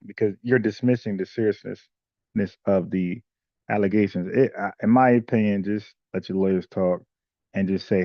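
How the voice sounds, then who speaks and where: A man with a gravelly voice chats casually as a co-host, blunt and slangy, mocking what he talks about. His recording sounds dull and lo-fi, with no room echo. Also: lowish voice, normal speed. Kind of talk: casual opinionated chat.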